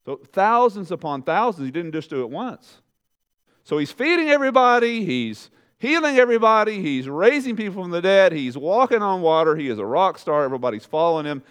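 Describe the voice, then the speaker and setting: A male pastor delivers a sermon in a lively, conversational way. He speaks straight to the congregation, climbs high and loud on his questions, and sinks to a low, quiet voice for emphasis. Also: brisk, smooth. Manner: animated preaching, rising loud on questions and dropping low and soft for emphasis.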